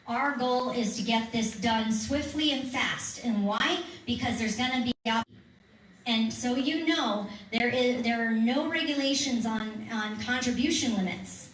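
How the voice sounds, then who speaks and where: A woman's voice: on the high side, a little slow, a bit bright, far from the mic. Earnest woman speaker in an echoey room. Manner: earnest, persuasive, restarts often. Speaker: petition workshop speaker. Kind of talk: answering audience questions at a workshop. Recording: echoey room recorded from afar, faint hum.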